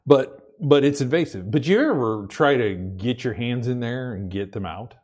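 Expressive, mid-range, and darkish in tone, this Pacific Northwest pastor's voice moves at normal speed through a conversational sermon. He stumbles on repeated words when beginning sentences, builds his points, and laughs between each one.

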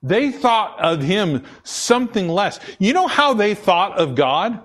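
A man's voice: sits high, very animated, slow pace, fairly bright tone. A man preaching a sermon, repeating key phrases for emphasis and often stumbling and restarting. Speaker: pastor.

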